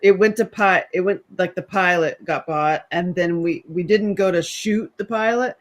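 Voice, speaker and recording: A man from the American South chatting casually and telling animated stories, acting out what others said. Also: sits high, moderate pace. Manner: animated storyteller, acts out quotes. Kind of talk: casual chat.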